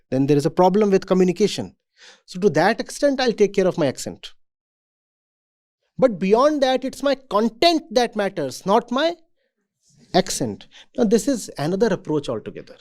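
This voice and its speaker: A man speaks to a room of students in a calm, deliberate lecture. His voice is mellow and warm, and he lands each point with emphasis before asking a rhetorical question. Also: high voice. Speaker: spiritual teacher. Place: university event hall.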